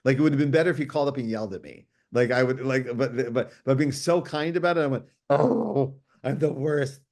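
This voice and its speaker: A middle-aged man, a comics writer guest, telling stories in casual chat, animated and quick with many restarts and fillers. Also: medium pitch. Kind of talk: casual storytelling.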